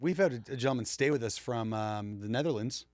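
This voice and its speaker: A man's voice: mid-range voice, fairly quick, a little mellow, dry recording, clean studio sound. A man co-hosting a podcast, chatting in an easygoing way. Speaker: podcast co-host. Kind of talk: casual chat.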